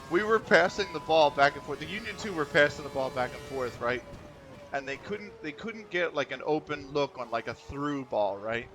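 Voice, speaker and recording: A man's voice: on the high side, bright, forceful tone. A man streaming a racing game, telling rambling stories in a loose, chatty way. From United States. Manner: rambling, chatty storytelling with frequent laughs. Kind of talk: casual chat while gaming.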